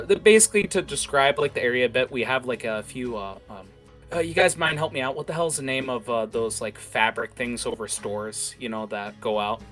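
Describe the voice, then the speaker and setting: A man's voice: medium pitch, fairly bright tone. A man narrating as game master in an improvised tabletop session, rambling with many fillers and restarts.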